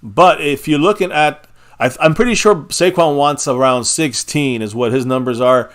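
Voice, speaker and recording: A man's voice: a little high, moderate pace. Opinionated man hosting a casual sports stream. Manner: opinionated, rambling with restarts and laughs. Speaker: live stream host. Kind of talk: casual sports fan chat.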